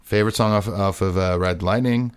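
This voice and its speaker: A podcast co-host with a fairly low, smooth voice talks briskly in a casual chat. He's relaxed and rambling, full of fillers and restarts, and there's no room sound.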